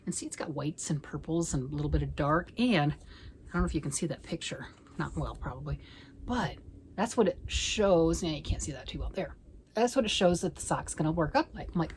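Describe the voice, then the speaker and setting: A middle-aged woman chats casually from home, rambling from one thought to the next. Her voice sits a little low, and she often drops into a hushed near-whisper. A faint hum of noise sits behind her. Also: poor audio. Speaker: knitting vlogger. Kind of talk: casual chat.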